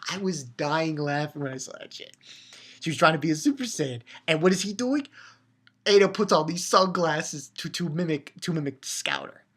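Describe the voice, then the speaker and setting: Woman with a low voice, a loose and excitable recap host who swears and restarts her sentences. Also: slight background noise. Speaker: anime reviewer. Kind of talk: casual episode recap.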